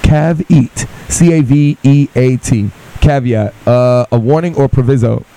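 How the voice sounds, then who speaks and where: A man co-hosting a radio show, chatting casually in the studio and reading definitions aloud in a relaxed way. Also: mid-range voice, unhurried, low-quality recording. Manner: reads definitions aloud, laid-back. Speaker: radio co-host.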